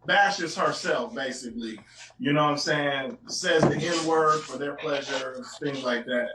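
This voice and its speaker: A man's voice: on the high side, unhurried, distant mic, noisy background. A man hosting a casual podcast. He talks in laid-back slang, full of "you know what I'm saying.". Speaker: podcast host. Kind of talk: casual chat. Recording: echoey room, off-mic.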